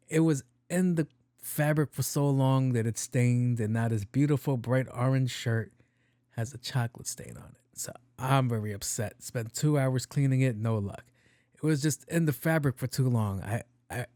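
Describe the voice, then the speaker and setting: Man, podcast host, casual comedic storytelling, profane, animated, mid-pitched voice, dry close sound. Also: normal speed, dry recording. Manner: profane, animated storyteller who acts out dialogue.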